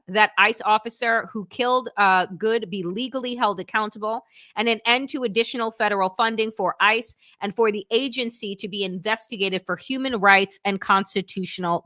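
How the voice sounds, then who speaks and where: Bright-voiced woman hosting political talk. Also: mid-range voice, normal speed, no room sound, studio quality. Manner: impassioned, conversational, reads news aloud. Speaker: host. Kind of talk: live political talk show.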